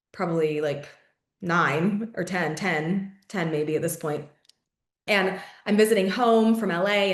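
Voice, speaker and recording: A young woman talks through a personal story as a podcast host, loose and chatty, full of fillers, curse words and little laughs. Her voice sits in an ordinary middle pitch. The recording carries a noticeable roomy echo. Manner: chatty, filler-heavy, swears often, laughs mid-story. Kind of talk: casual storytelling monologue.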